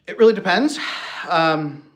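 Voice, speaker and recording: A man coaching on marriage, talking in a lively way and breaking into playful mock voices for his examples. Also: sits high, unhurried. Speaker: relationship coach. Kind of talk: animated solo talk with acted-out examples.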